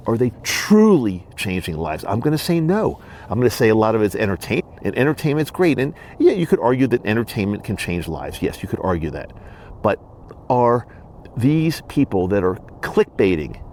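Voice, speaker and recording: A man's voice: medium pitch, darkish tone, a little hiss or hum. A man hosting his own podcast, talking alone in an earnest, emphatic way and repeating his points. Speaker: podcast host. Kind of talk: solo monologue. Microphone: studio microphone and camera.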